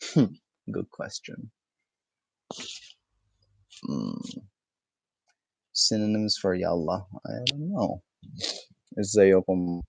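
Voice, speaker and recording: A lower-pitched man explains words patiently during a live-stream lesson, pausing to hum and check in with "okay?". His voice is recorded close and dry, with no room sound. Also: very animated, creaky, dry recording. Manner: explains patiently, answers chat questions, frequent "okay?" and hums. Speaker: Arabic teacher.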